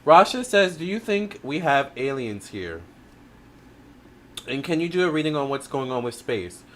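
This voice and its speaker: A man hosting a livestream as a tarot reader, chatting casually and reading out viewer comments, talking expressively with lots of fillers and quick restarts. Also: mid-range voice, very animated, a little hiss or hum. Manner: addresses viewers directly with frequent "all right?".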